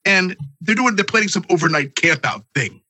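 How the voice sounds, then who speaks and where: A man's voice: sits high, lively intonation, normal speed, bright, forceful tone, no room sound. A man hosting a podcast, telling a long comic story full of profanity while congested. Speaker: podcast host. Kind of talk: casual podcast chat.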